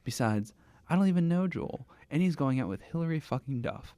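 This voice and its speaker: A man voicing a moody goth teenage girl from a fan fiction, reading her lines in a flat, dramatic way. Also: a little high, a little fast, smooth, no room sound, natural voice. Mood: sulky.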